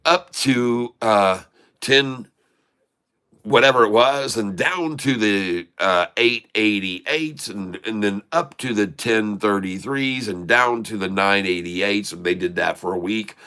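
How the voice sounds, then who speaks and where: Bright-voiced American stock streamer. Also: male voice, fairly low pitch, slow, clean tone. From United States. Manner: joking, folksy, addresses viewers as folks. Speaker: stock market livestream host. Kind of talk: casual livestream chat.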